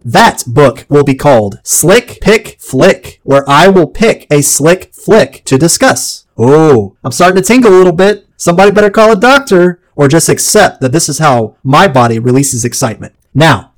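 A man hosting a solo podcast, talking in a wordy, theatrical way with punchy lists, and dropping low and slow when he quotes. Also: low-quality recording. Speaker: podcast host.

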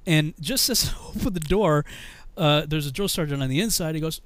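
A man's voice: fairly high pitch, fairly quick, fairly bright tone, no room sound. A man telling a funny army story casually, laughing often and saying you know a lot.

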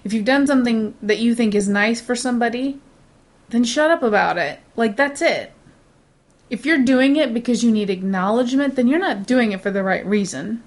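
A woman's voice: fairly high pitch, normal speed. A young woman co-hosting a podcast, ranting bluntly in casual chat and laughing often. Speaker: podcast co-host.

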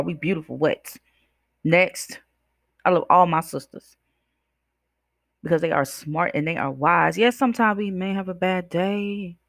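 A woman's voice: sits low, vocal fry, dry recording, studio quality. A woman hosting her own podcast as a life coach, speaking emphatically and preaching directly to her listeners. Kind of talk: podcast monologue.

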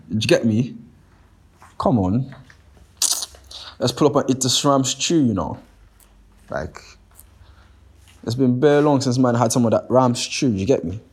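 A young man with a Nigerian accent, hosting a podcast in a casual, animated, profane monologue. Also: fairly low pitch. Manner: animated and profane, keeps asking "you get what I'm saying". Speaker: podcast host.

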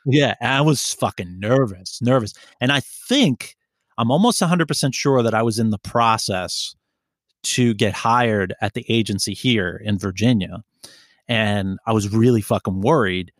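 Brief: lower-voiced New man, animated, swearing storyteller, dry close sound. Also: normal speed, dry recording. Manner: profane, rambling, animated storytelling. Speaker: podcast co-host telling a story. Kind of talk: casual storytelling chat.

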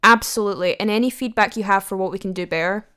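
A woman's voice: medium pitch, fast, a bit bright, clear, resonant tone. Teasing young woman, podcast co-host. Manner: teasing, jokey banter. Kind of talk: casual chat.

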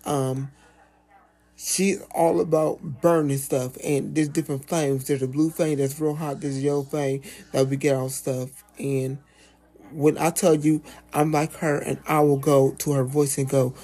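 Gravelly-voiced sassy man, casual and animated. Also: on the high side. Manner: animated, swearing, sassy asides, drawn-out "baby". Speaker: puppeteer guest. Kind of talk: casual podcast chat.

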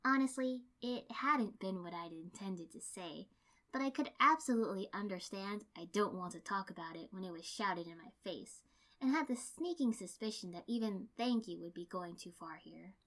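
A woman's voice: medium pitch, lively intonation, normal speed, a bit bright. Woman steadily reading a story aloud. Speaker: reader.

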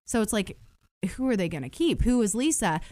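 A woman's voice: mid-range voice, big pitch swings, fairly quick, a little mellow, dry recording. A woman chatting casually and telling stories, circling back with fillers and restarts. Her voice sits mid-range for a woman. The sound is dry and close to the mic. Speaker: podcast guest. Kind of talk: casual chat.

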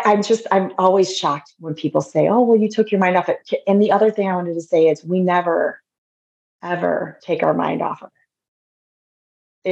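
A middle-aged woman tells her faith story as a podcast guest, earnest and heartfelt, often circling back to restart her sentences. Her voice sits low and carries a gravelly fry. The audio is dull and lo-fi. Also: a little mellow. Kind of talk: personal faith story in conversation.

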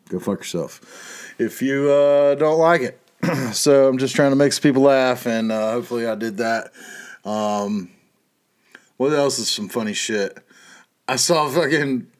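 Profane rambling man. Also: mid-range voice. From North Carolina, USA. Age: middle-aged. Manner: profane, rambling, laughs at his own jokes. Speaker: podcast host. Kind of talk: casual monologue.

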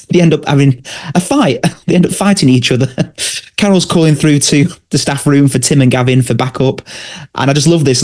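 A man's voice: mid-range voice, darkish tone. A man co-hosting a podcast, chatting casually, laughing often and asking his co-host questions. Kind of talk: casual chat about a sitcom.

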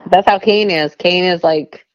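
A woman in her fifties, chatty and quick to laugh and exclaim, in a casual podcast chat over a dull line. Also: on the low side. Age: 50s.

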